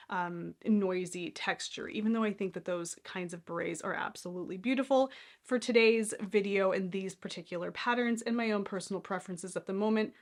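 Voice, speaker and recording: A young woman hosting a knitting podcast, chatting casually and enthusiastically about her favorite patterns, now and then poking fun at herself. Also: medium pitch. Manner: chatty, enthusiastic, self-deprecating.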